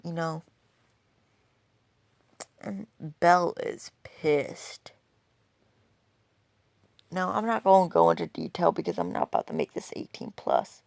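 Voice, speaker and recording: Gravelly, rambling woman storyteller. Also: on the low side, huge pitch swings, slow, pauses often, darkish tone, dry recording. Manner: rambling, profane, full of "you know". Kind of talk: casual fan-fiction storytelling.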